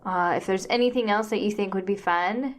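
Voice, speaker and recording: A woman co-hosting a podcast, chatting casually and tossing in dry, deadpan asides. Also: mid-range voice, a little fast. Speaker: podcast co-host. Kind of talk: casual chat.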